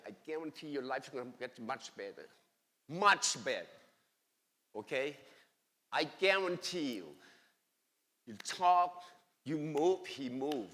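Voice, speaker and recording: Guy sharing his testimony in church, all excited, bright sharp voice, long echo off the hall. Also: mid-range voice. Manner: excited and emphatic, with broken grammar. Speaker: church member giving a testimony. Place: church sanctuary.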